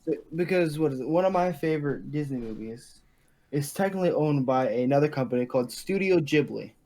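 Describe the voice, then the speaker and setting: A young man co-hosting a casual podcast, relaxed and steering the talk with questions. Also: a little high, a little fast, rough recording. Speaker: podcast co-host. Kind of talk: casual chat.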